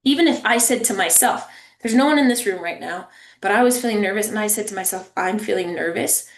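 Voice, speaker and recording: Over a video call with roomy acoustics, a woman talks fast in a medium-pitched voice while presenting a family engagement webinar. Her conversational, warm manner includes frequent "right?" and "okay?" check-ins with listeners.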